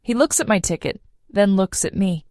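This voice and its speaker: A woman narrating a simple first-person story for English learners, clear and measured. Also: mid-range voice, animated, a little mellow, no echo, studio quality. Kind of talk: slow read-aloud story for learners.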